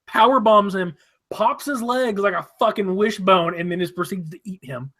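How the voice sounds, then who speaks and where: Blunt, foul-mouthed man with a higher voice. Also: normal speed, a bit bright. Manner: blunt and opinionated, swears freely. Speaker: podcast co-host. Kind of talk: casual wrestling podcast chat.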